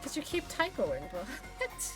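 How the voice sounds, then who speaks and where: Profane, high-voiced woman streamer. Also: huge pitch swings, measured pace. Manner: casual and profane, reads game dialogue aloud with gusto. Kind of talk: live let's-play commentary. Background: game music.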